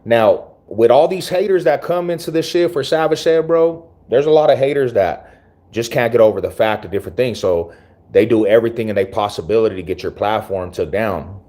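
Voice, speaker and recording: Deep-voiced man, slangy rambling vlog talk. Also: fairly quick, mellow. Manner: slangy, rambling, restarts a lot. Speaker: YouTube channel host. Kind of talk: casual talk to camera.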